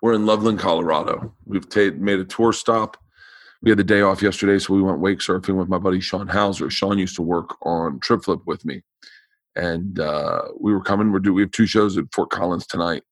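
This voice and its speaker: Tired, low-voiced man rambling on. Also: steady tone, brisk, dry recording. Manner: rambling, stuttering restarts. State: tired voice with no power behind it. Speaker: podcast host. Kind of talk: casual chat.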